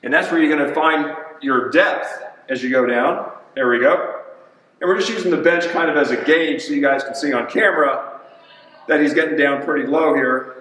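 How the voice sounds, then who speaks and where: A man's voice: on the high side, normal speed, fairly bright tone, recorded from a distance. A man, a personal trainer, coaching an exercise demo in a gym in an upbeat, chatty way and counting reps aloud. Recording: echoey gym, voice from off-mic.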